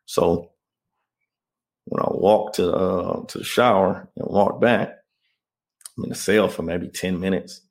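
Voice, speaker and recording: A man's voice: sits low, steady tone, takes it slowly, gravelly, pauses often. A man as an interview guest, earnestly telling a personal story and often checking that the listener follows. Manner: earnest, keeps asking "you know what I mean?".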